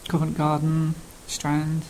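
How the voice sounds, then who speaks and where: An older man from London with a Cockney accent, introducing himself casually in a plain, halting way with frequent pauses. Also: on the high side, monotone, a little mellow, slight background noise, low-quality recording. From London, England. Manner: halting, plain-spoken, pausing often mid-sentence. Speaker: television sports researcher.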